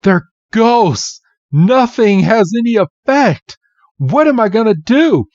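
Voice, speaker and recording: A man's voice: high-pitched, animated, slow pace, darkish tone, dry recording, muffled recording, pitched above the performer's own voice, full character voice. A man voicing a young boy trainer who is brave but easily spooked, stammering and yelping in fright. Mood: panicked.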